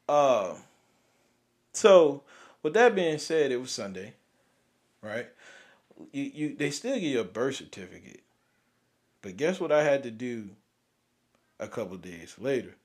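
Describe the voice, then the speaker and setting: A young man, hosting and venting about grief in a raw, profane way, swinging from loud outbursts to near-whispers. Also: medium pitch, animated, a little slow, long pauses. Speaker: podcast host. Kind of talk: emotional personal venting.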